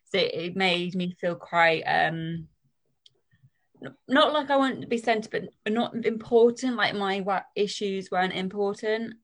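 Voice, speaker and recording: A woman's voice: medium pitch, unhurried. Young woman, hesitant and full of fillers. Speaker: patient guest. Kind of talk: personal account.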